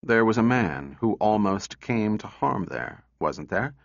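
Stern questioning lady scientist, guy narrating, clipped, lowish, dry muffled audio. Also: animated, a little slow, creaky, no echo. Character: stern woman robot psychologist, controlled anger.

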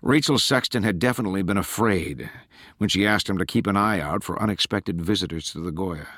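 Male audiobook narrator, low voice, bright clear tone, dry close sound, measured. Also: no echo. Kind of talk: scripted narration.

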